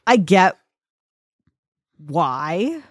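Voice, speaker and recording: A woman's voice: lowish voice, very animated, very slow, no room sound, clean studio sound. A woman hosting a tennis podcast, chatting casually and with strong opinions, often laughing. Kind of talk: casual chat.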